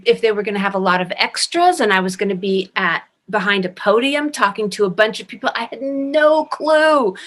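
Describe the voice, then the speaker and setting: Woman, middle-aged, from France, bright tone, animated, casual interview storytelling. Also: mid-range voice. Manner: animated, restarts often, lively emphasis. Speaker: actress interviewee.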